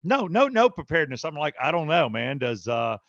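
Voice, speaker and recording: A middle-aged man with a gravelly, fry-edged voice tells a story on a podcast and slips into animated impressions of everyone in it. The recording is dry and slightly dull, close and without room sound. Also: fairly high pitch, a little fast, no echo. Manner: animated storyteller, acting out quotes. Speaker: podcast co-host. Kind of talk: casual storytelling chat.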